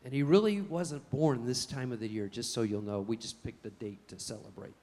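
A man preaching a sermon, telling folksy stories in an animated way. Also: medium pitch, brisk, long reverb tail. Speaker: pastor.

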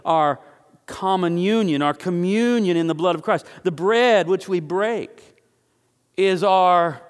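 Man preaching in a reverberant hall. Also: high-pitched. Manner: conversational preaching, acting out biblical voices, slowing for emphasis. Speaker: pastor. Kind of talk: sermon.

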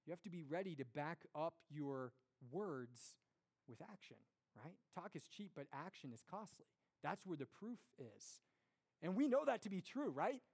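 A young man giving an earnest, conversational sermon to a congregation, with lively storytelling and rhetorical questions. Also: high voice. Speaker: pastor.

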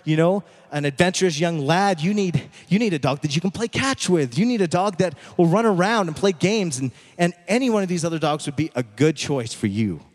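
A man's voice: on the high side, lively intonation, a little fast, few pauses. A man voicing a persuasive pet shop keeper who coaxes a customer. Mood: coaxing. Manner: coaxing, salesy. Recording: echoey hall.

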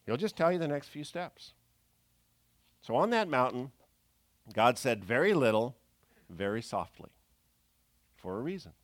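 A man preaching a sermon in a conversational storytelling manner, swinging between loud bursts and hushed asides. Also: medium pitch, sing-song, unhurried, long pauses, no echo.

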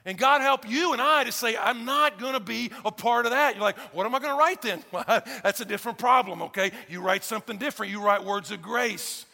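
A male pastor delivers a sermon in a high, bright voice with a gravelly edge. He keeps it conversational, asking the congregation question after question. A long reverb hangs on every phrase in the church. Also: brisk, hardly any pauses.

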